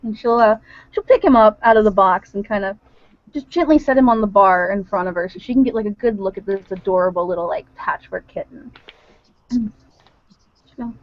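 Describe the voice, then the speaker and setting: A woman casually narrating her character in a role-play session, giggly and animated. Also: medium pitch, fairly quick, dry recording. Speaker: tabletop role-play player. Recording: dull lo-fi dry recording.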